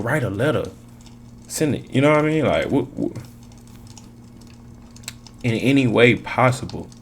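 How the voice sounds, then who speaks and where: A man's voice: on the low side, a little mellow, a little hiss or hum. Preachy, slangy man reading tarot. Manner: preachy, emphatic, repeats phrases, slangy. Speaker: tarot reader.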